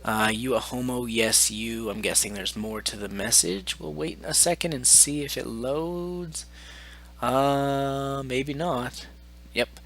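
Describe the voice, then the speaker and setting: A man with a bright, sharp-edged voice narrates and reacts to messages he has received. His delivery is sarcastic and mocking, full of exasperated asides, in the manner of a gaming channel host. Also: medium pitch, takes it slowly, vocal fry.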